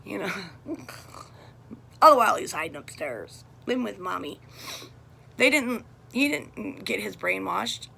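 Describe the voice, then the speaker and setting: A woman's voice: medium pitch, animated, a little slow, vocal fry, pauses often, bright, forceful tone, breathy edge. A middle-aged woman talking straight to camera about her family, blunt and heated as she vents. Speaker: vlogger. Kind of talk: casual personal monologue.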